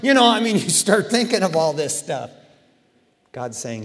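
A man preaching a sermon in a lively, conversational way, with casual slang. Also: fairly high pitch, unhurried, long reverb tail. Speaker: pastor. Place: church.

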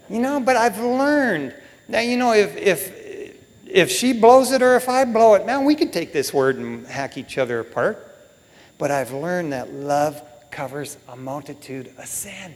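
A middle-aged male pastor preaching in a folksy, heartfelt way, with "man" and "you know" all through. His voice sits a little high for a man and rings out with a long hall reverb, as if in a church. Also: sing-song, moderate pace. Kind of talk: sermon.

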